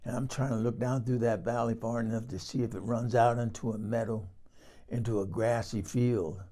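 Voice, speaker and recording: A man acts out a bawdy older Southern woman spinning a comic tale, full of swoony exclamations and confiding asides. Her voice is gravelly and sits at an ordinary middle pitch. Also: dark tone, lightly acted. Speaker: comedic character storyteller. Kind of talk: comic monologue in character.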